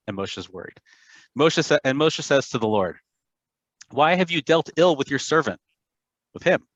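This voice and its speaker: A man leading a class, reading scripture aloud and breaking in with animated, casual asides to explain it. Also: medium pitch, no room sound, dull audio. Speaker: class facilitator.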